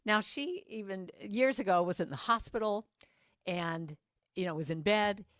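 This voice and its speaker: Give me a warm-hearted, chatty woman giving an inspirational talk over a video call, dry and close. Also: mid-range voice, measured pace, no echo. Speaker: guest speaker and musician. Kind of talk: inspirational morning message.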